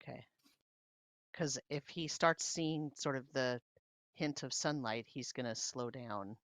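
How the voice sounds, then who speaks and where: A woman's voice: rumbling low, takes it slowly, no echo. A woman playing a tabletop game, asking questions hesitantly with many fillers. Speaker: player. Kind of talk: casual tabletop play.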